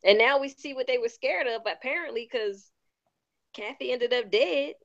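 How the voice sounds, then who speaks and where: A woman with a Baltimore accent, chatting animatedly and incredulously as a podcast co-host. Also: high voice. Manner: animated, incredulous, quick asides. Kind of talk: casual chat. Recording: slightly muffled lo-fi audio.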